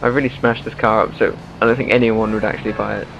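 A man's voice: on the low side, little pitch movement, fast talker, gravelly, slight background noise. Joking man playing a driving game. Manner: joking, blurts reactions and swears. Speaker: gaming channel host. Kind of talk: casual gameplay commentary. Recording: dull, lo-fi mic over game music. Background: game music.

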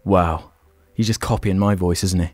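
A man's voice: low voice, fairly even intonation, normal speed, a little mellow, dry recording. A man co-hosting a casual podcast, joking and teasing and swearing freely. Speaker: podcast co-host. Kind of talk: casual podcast chat over a call.

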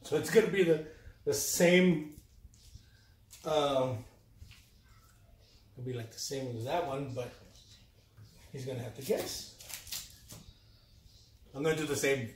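A man hosting a casual unboxing video, talking in a relaxed, chatty way and often trailing off mid-sentence. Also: medium pitch, slow, pauses often, recorded from a distance. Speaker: YouTube collector host. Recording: roomy sound a bit off-mic.

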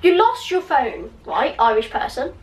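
A young woman hosts a lighthearted quiz with a high, bright-sitting voice, chatting quickly and giggling. She sounds a little distant from the microphone. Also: huge pitch swings, noisy background. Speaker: channel host. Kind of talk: casual quiz chat.

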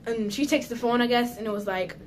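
A woman's voice: a little high, brisk, a little hiss or hum. A woman chatting casually in a home vlog, giggly and nervous, talking straight to her viewers. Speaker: vlogger. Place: at home indoors.

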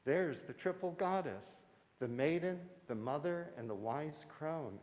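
A man's voice: on the high side, animated, a little slow, darkish tone, pitched above the performer's own voice. A man voicing a curious elder female fairy in a raised, wondering voice, recorded in a reverberant hall.

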